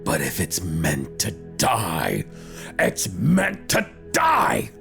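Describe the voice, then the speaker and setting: A man voicing a menacing, scornful archdevil in a low, slow voice that drops at times to a whisper. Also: animated, soft background music, full character voice. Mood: harsh.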